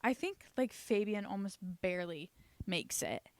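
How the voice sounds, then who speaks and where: A woman recapping a TV series in a casual, comedic way. She swears freely, leans on "like" as filler and breaks into animated, louder stretches. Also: medium pitch, a little slow, dry recording. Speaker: YouTube recap host.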